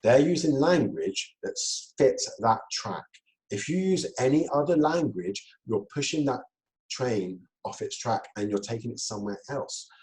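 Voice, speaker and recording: A man giving a talk on communication, lively, laughing often and acting out quoted exchanges. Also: medium pitch, a little slow, poor audio. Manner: lively, laughs between points, acts out quoted dialogue. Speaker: speaker.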